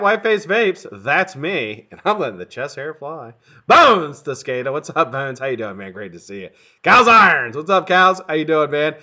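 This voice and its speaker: A middle-aged man hosting a casual live stream, greeting viewers one by one and swearing freely. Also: fairly high pitch. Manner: lively, profane, greets viewers one after another. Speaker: livestream host. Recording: dull lo-fi stream audio.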